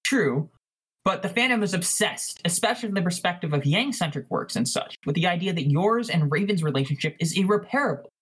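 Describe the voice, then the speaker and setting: Officious young woman leading a meeting, husky, lively pitch, fan audio story, woman voicing her. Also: a little fast. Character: bossy young woman chairing a council.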